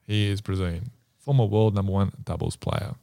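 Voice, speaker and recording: Male quiz host, gravelly low register, jokey, laughs easily. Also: fairly even intonation, a little fast, mellow, no echo, studio quality. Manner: laughing, matey banter. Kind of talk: casual podcast quiz.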